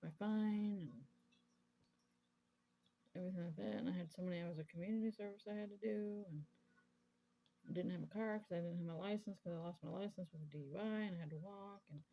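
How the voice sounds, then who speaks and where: Woman, 30s, vlogger; mellow, gravelly voice, candid rambling storytelling. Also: lowish voice, a little fast, pauses often, poor audio. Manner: rambling, candid, lots of fillers. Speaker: crafting vlogger. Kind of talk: casual personal storytelling.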